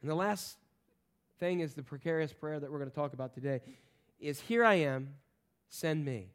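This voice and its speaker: A man preaching a sermon, animated and playful, acting out voices in the stories he tells. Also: fairly high pitch, moderate pace. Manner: animated, acts out voices in quotes, jokes with the congregation. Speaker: pastor.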